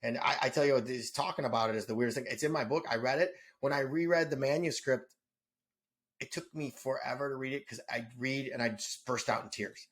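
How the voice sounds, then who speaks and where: Brisk and fairly bright at medium pitch, this middle-aged Detroit native appears as a guest on a podcast. His casual talk is heartfelt and emotional, marked by stammers and repeated words.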